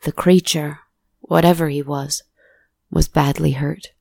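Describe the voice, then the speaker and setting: Low, creaky woman telling a story. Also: fairly even intonation, a little slow, a little mellow, dry recording, clean studio sound. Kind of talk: scripted story narration.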